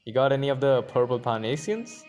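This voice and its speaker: A man's voice: mid-range voice, animated, a little fast, darkish tone, soft background music, natural voice. A man voicing a cocky, roguish male adventurer who teases his companions in a story game. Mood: teasing. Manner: smug, teasing banter.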